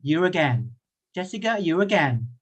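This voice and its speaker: Husky man teaching English, lively. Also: a little high. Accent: British English. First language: Thai. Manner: playful, repeats questions slowly, chuckles often. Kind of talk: online class teaching. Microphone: computer mic on a video call.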